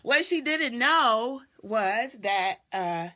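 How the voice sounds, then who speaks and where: A woman's voice: on the high side, expressive, very slow, pushed and bright. A middle-aged woman hosting a live video, telling a personal story reflectively and greeting viewers as she goes. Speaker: doula and video host.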